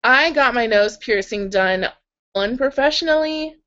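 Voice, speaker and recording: A woman's voice: fairly high pitch, animated, a little slow, a bit bright, dull audio. A young woman hosting a casual live hangout from her bed, chatting and giggling through viewer comments with lots of "like"s, her throat a little sore. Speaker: livestream host reading viewer comments. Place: in bed at home.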